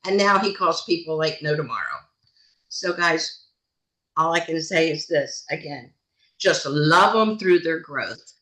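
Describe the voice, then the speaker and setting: A woman's voice: deep voice, unhurried, rough recording. Woman host on a video call, emphatic motivational speaker, repeats lines for punch. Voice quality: animated, emphatic, repeats phrases. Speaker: team leader hosting a call.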